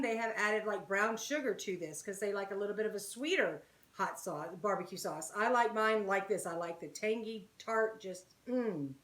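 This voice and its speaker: Woman, home cook, chatty, friendly address to viewers, mid-pitched, roomy kitchen echo. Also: fairly bright tone. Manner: chatty, talks straight to viewers as "guys" and "y'all". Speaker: home cooking channel host. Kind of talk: casual cooking demonstration.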